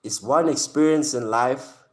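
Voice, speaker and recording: A man's voice: medium pitch, a little slow. A man from Africa, hosting a live stream and chatting casually with his viewers in a slangy, joking way. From South Africa. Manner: slangy, joking, talks straight to chat, often laughs. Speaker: live-stream host reacting with chat.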